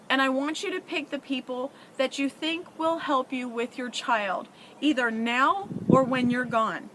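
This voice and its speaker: A middle-aged woman speaks to her viewers with a high, bright voice, earnest and emotional as she gives parenting advice. Her tone is conversational, and a faint hiss of background noise sits under the recording. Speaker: parent vlogger. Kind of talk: heartfelt advice to camera.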